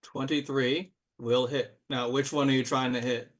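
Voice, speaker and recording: A man's voice: mid-range voice, level tone, moderate pace. Chatty man running a tabletop game. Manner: loose, chatty, full of fillers and playful exclamations. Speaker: game master.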